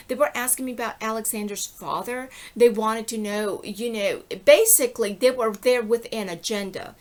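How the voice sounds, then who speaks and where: A woman's voice: on the high side, moderate pace, hardly any pauses. A middle-aged woman giving an impassioned, rambling personal monologue, indignant and often breaking off to ask "okay?". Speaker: vlogger.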